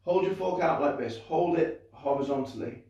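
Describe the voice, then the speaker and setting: A young children's magician performs live on stream from an indoor room, his slightly high, gravelly, warm voice animated and moderately paced. He's upbeat, talkative and self-mocking, full of fillers and restarts, and the recording is very echoey, distant from the mic, with the highs cut off.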